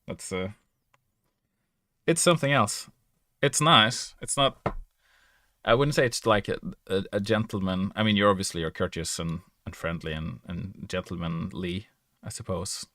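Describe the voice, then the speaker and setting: Hesitant Norwegian man, bright dry voice. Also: sits low, normal speed, dry recording. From Norway. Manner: hesitant, self-correcting, laughs often. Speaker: podcast guest or player. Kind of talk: casual chat.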